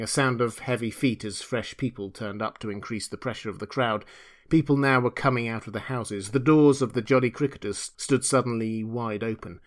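Man narrating a classic novel. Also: lowish voice. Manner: measured, dramatic storytelling. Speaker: audiobook reader.

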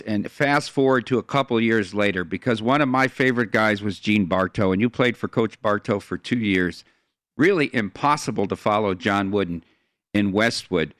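A man co-hosting a sports radio show builds a long lead-in before putting his question to a guest. His voice sits at a medium pitch. The sound is dry and close to the mic. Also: a bit bright, dry recording.

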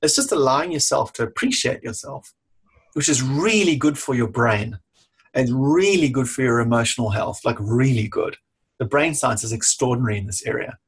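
A middle-aged man talks in a plain, husky, slightly breathy voice at a middle pitch. He speaks frankly and casually, swearing without fuss. He slips into quick acted-out exchanges as he coaches. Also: expressive. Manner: blunt and frank, swears freely, acts out quoted exchanges. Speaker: leadership coach. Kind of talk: casual talk to camera.

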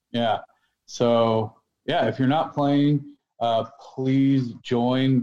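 Male podcast co-host, jokey banter, mid-pitched, slightly muffled recording. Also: darkish tone. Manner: jokey, laughs easily. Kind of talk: casual podcast chat. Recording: slightly dull, muffled sound.

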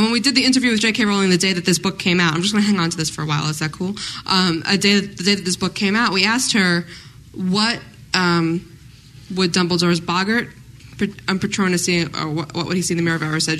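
A woman co-hosting a casual fan discussion before a live audience, quick and playful, teasing her co-host. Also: lowish voice, a bit bright, a little hiss or hum, low-quality recording. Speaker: podcast co-host.

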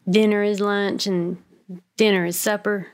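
A woman's voice: mid-range voice, level tone, measured pace. A woman with a mild Southern US accent, co-hosting a frank podcast chat and laughing often. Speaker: podcast co-host. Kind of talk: casual chat.

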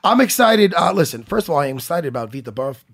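A man hosting a sports talk show, chatting casually and excitably, laughing often. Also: fast talker, creaky. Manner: excitable, laughs often, animated swings in pitch. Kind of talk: casual studio banter.

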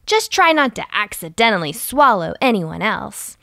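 A woman voicing a small goldfish in a storybook, speaking high and chirpy. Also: big pitch swings, normal speed, sharp tone, dry recording, clean studio sound. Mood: helpful. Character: little goldfish in a pond.

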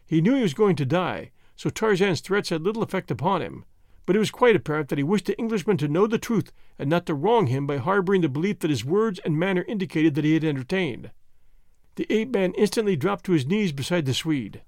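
A man narrating an adventure novel with dramatic, expressive storytelling. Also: sits high, a little fast, no room sound, studio quality. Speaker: audiobook narrator. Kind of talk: scripted narration.

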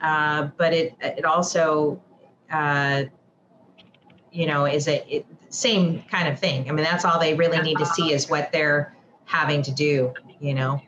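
A woman with a very low voice interviews a shop owner, encouraging him with frequent affirmations. Her follow-up questions come casually. The sound is dull and lo-fi, with faint background noise. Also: fairly even intonation, a little slow.

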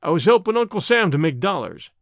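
A man reading an audiobook, voicing a bold, calm young outlaw who gives quick, cool replies. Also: sits high, vocal fry, dry recording, studio quality, heavily acted. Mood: confiding.

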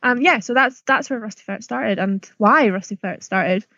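Scottish woman, podcast guest, chatty and giggly, a bit high, dull lo-fi sound. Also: normal speed, pushed and bright, no room sound. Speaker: guest, yarn dyer. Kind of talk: casual interview chat.

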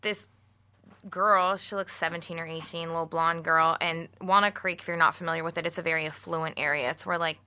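A woman with a lowish but bright, forward voice tells a story on a casual talk show. She is animated and profane, mixing laughter into her telling. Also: a little fast, clean tone. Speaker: podcast co-host. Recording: studio mic, radio show.

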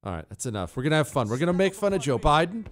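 A man's voice: fairly high pitch, sing-song, rapid-fire, soft background music. A man in his forties hosting a solo talk radio show, ranting sarcastically and mocking with bursts of laughter.

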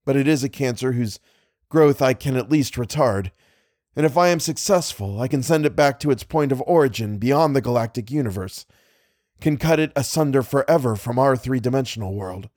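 A man voicing a learned, mystical man who speaks gravely and lectures about a cosmic menace. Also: mid-range voice, lively intonation, moderate pace, a little mellow, dry recording, studio quality, natural voice. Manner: solemn, lecturing.

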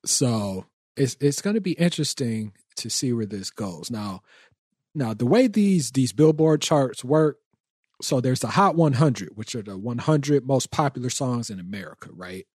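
A man's voice: medium pitch, animated, unhurried, a little mellow, slightly rough, dry recording, studio quality. A man hosting a podcast in casual chat, teasing his co-hosts with lots of slang. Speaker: podcast host.

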